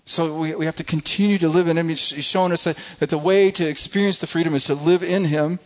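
A man's voice: fairly high pitch, fairly even intonation, fast. A man preaching a sermon with emphasis, often repeating words as he restarts. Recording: muffled lo-fi recording.

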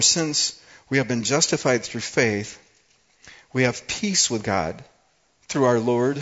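A man preaching a sermon, moving from quiet talk to fiery, emphatic declarations. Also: on the low side, husky, muffled recording. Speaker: pastor.

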